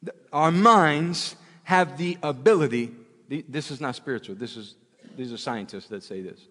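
A man preaching a sermon with passion, repeating his phrases and swinging from loud to hushed. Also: medium pitch, moderate pace. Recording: long hall reverb.

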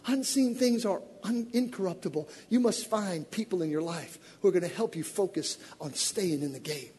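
A middle-aged male pastor with a high, husky voice delivers a sermon that climbs to shouted exhortation and falls back to easy storytelling. His words ring out with a long reverb, as if spoken in a large church hall. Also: animated, normal speed. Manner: swings from loud shouted exhortation to low conversational storytelling.

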